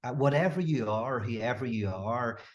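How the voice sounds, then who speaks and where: A guest philosopher, male, chats informally on a podcast. Energetic and quick to laugh, he tends to restart what he's saying; his voice is mid-range and his pacing ordinary.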